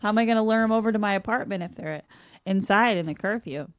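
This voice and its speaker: A woman from Massachusetts with a Boston accent, trading quick deadpan jokes as a podcast guest. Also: mid-range voice, no echo, studio quality. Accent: Boston-area. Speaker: comedian guest. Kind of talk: comedic podcast banter.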